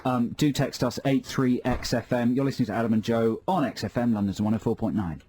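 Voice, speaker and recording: A man's voice: mid-range voice, fairly even intonation, brisk, dark tone, slight background noise. An English man hosting a radio show from a studio, joking around and teasing his co-host in casual banter.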